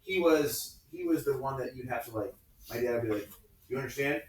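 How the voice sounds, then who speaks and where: A man in his fifties, a teacher, telling family stories in casual class talk and acting out the people he quotes in squeaky high voices. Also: brisk, a little mellow. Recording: echoey classroom from far off.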